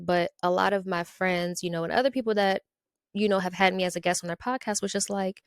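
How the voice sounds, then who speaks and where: A woman's voice: mid-range voice, quick pace, no echo. A woman from Ohio hosting her own podcast in a casual solo monologue, chatty and playful, tagging her lines with "okay?" and "y'all". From Ohio, USA. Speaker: podcast host.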